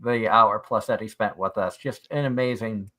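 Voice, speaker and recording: A man's voice: lowish voice, fairly even intonation, normal speed, sharp tone. A man from near Boston with a Boston accent, co-hosting a casual chat and telling rambling stories. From Massachusetts, near Boston. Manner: chatty, rambling anecdotes with restarts. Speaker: podcast co-host.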